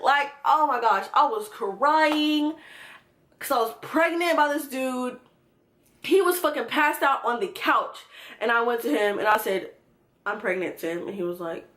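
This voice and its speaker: A young woman in a storytime vlog, with a voice pitched a bit high. She tells her story in a lively, unfiltered way, cursing freely and acting out other people's lines as she goes. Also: measured pace, reverberant. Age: young adult. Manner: animated, swears freely, acts out quotes. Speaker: vlogger.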